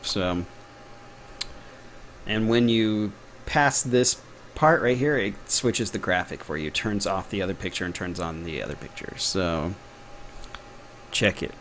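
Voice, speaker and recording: Low-pitched, a touch bright, and a little slow, this young man from Texas has a Texan accent and a faint hiss or hum behind him. He's a game developer giving a casual live-stream tutorial, chatty and jokey, talking under his breath while he works.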